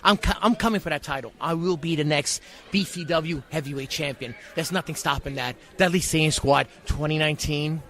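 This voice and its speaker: A man, a wrestler, ranting loud and heated in a post-match interview. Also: fairly high pitch, a little fast.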